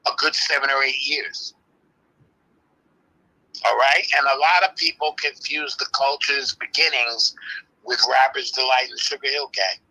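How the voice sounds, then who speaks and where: Firm, bright-voiced older New man. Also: mid-range voice, fairly even intonation, low-quality recording. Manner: firm, measured, explaining insistently. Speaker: interview guest, early hip-hop practitioner. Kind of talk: live online interview.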